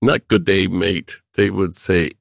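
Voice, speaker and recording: A man's voice: low-pitched, slow, creaky, no echo, clean studio sound. An older man, a priest, telling stories in an interview and acting out the quotes as he goes. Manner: animated, acts out quotes, laughs. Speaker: Jesuit priest, guest. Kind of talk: conversational interview storytelling.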